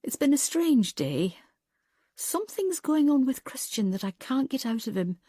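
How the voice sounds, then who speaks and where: A weary woman detective speaks earnestly with a wry, tired edge, as a woman narrator voices her. The voice is warm and mellow, recorded close and dry. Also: sits high, big pitch swings, moderate pace, no room sound, voice pushed up. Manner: earnest, wry and a little tearful.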